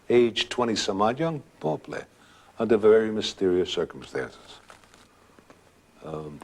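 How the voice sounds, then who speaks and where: An older man, casually telling a personal story in a relaxed way and acting out what others said. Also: medium pitch. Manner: relaxed storytelling, acts out voices. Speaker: guest storyteller.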